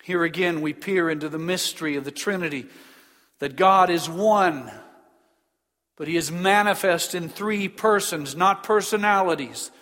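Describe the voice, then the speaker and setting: A man preaching a sermon in an earnest, emphatic way, slowing down on key phrases. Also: high-pitched, fairly bright tone. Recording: long reverb of a large hall.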